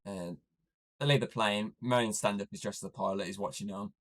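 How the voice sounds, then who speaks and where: A man's voice: fairly low pitch, fairly even intonation, a little fast, fairly bright tone. A man hosting a podcast, recapping a film in casual chat and rambling with lots of fillers. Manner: rambling, heavy use of "obviously" and "like". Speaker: podcast host.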